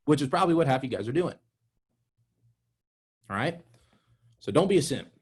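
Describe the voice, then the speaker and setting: Husky-voiced young man coaching salespeople. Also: medium pitch, moderate pace. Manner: energetic, direct, addresses the audience as "guys". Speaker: sales trainer. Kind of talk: motivational sales training talk.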